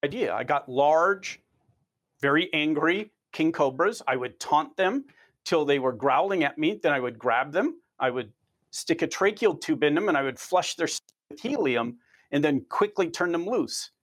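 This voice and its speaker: Animated man telling lab stories. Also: fairly high pitch, normal speed. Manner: animated storyteller, repeats words when starting. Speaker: research scientist. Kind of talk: interview answers.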